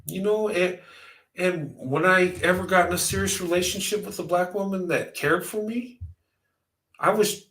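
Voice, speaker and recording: A man in his fifties speaks straight to his viewers in a heartfelt vlog monologue. His voice sits a little high, and he speaks with emphatic conviction, stacking up repeated phrases to drive each point home. The sound is roomy, with a noticeable echo around him. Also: normal speed, a bit bright. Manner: earnest and emphatic, building with repetition. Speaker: vlogger.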